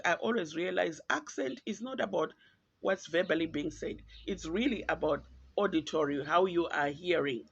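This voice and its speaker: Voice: medium pitch, creaky, husky, dry recording. A podcast host from Zimbabwe, with a Zimbabwean accent, giving earnest, reflective and pointed solo commentary. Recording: dull lo-fi, dry.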